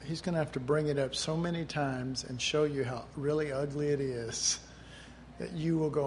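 A man's voice: on the high side, fairly even intonation, normal speed, a little hiss or hum. A middle-aged man preaching a sermon in a conversational way, often acting out the voices he quotes.

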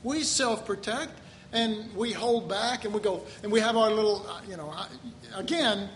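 A man preaching a sermon, animated, acting out quoted voices with sudden exclamations and chuckling often as he talks. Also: sits high, moderate pace, slight background noise. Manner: chuckles often while talking.

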